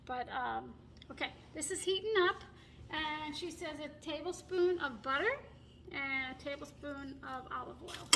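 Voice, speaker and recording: High and creaky, her unhurried voice carries over background noise as this middle-aged woman chats through a home cooking video. She holds and turns her phone camera while cooking in her kitchen, laughing a lot and apologizing along the way, while a pet bird chirps faintly.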